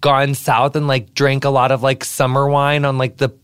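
A man's voice: medium pitch, little pitch movement, moderate pace, fairly bright tone, clean tone. A man hosting a podcast interview, gushing and campy, with lots of "like" in his casual chat. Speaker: podcast host.

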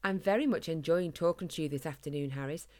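A woman's voice: sits low, fast, warm tone, lightly acted. A woman voicing a gracious, posh-spoken elderly queen in a storybook. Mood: warm, regal. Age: older. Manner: posh, refined speech.

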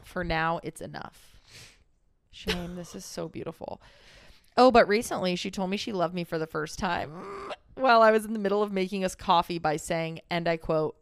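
A woman's voice: fairly low pitch, moderate pace, vocal fry. A young adult woman co-hosting a podcast in casual chat, reading listener stories aloud expressively, swearing freely and laughing often. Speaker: podcast co-host.

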